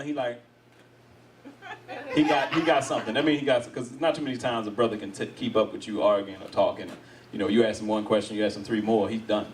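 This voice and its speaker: On stage at a live comedy venue, a middle-aged American man works the crowd, animated and quick to laugh, mimicking other people's voices. His mid-range voice comes from far off the mic against a noisy background.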